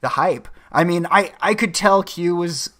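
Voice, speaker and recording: A man's voice: sits high, unhurried, fairly bright tone. A man guesting on a stream, chatting casually in an offhand, profane, hedging way. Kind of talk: casual podcast chat.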